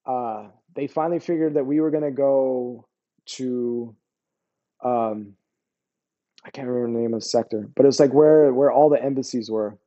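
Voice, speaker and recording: A middle-aged American army veteran tells war stories in a casual interview, laid-back and slangy, often saying "bro" and "you know what I mean." His mid-range voice is mellow at a moderate pace, with the highs cut off.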